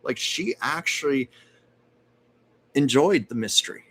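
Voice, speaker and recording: A man's voice: medium pitch, lively intonation, unhurried, sharp tone, husky. A man hosting a casual livestream at home, chatting and reading viewer comments aloud as a psychic medium.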